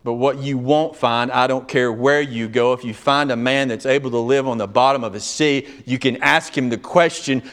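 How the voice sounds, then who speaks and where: A man's voice: mid-range voice, fairly even intonation, moderate pace, hardly any pauses, a bit bright. A male pastor preaching a sermon, telling stories with emphatic delivery and acting out dialogue.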